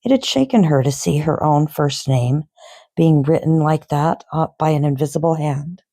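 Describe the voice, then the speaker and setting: Slow, low-voiced woman reading a storybook. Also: dry recording, clean studio sound. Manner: expressive storybook reading, unhurried. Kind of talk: reading a novel aloud.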